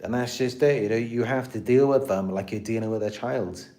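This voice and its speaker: Medium in pitch with a darkish tone, this British-accented man speaks a little fast. Hosting a casual live stream on narcissistic abuse, he tends to ramble, restarting and repeating himself with plenty of "you know" thrown in.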